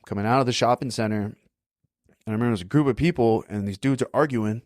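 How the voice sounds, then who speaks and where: A man's voice: medium pitch, quick pace, darkish tone, no room sound, studio quality. A young adult man, a podcast guest, telling stories in a laid-back way, often tagging sentences with "right?" and "like". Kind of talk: casual storytelling.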